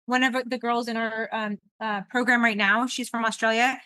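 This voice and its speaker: Chatty woman podcast host, bright, dry sound. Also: on the high side, normal speed, no echo. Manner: rambling and animated, with frequent laughter. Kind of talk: casual conversational podcast chat.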